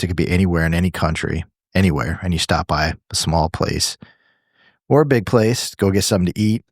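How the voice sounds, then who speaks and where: A man's voice: deep voice, no echo, studio quality. A man co-hosting a podcast in casual chat, rambling and leaning on filler phrases as he talks. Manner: rambling, leans on "you know" and restarts. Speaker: podcast co-host.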